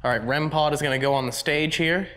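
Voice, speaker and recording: A man's voice: on the high side, fast talker, a little hiss or hum. A man hosting a paranormal investigation, talking through his readings with a nasal, stuffed-up voice from allergies. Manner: excited, narrating readings aloud. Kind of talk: ghost-hunting commentary.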